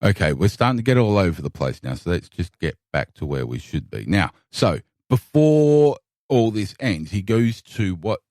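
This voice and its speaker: Australian male podcast co-host, lowish lively voice, dry close mic, swears freely in loose chat. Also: moderate pace, no echo. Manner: animated, swearing, repeats words often. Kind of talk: casual chat. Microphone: podcast microphone.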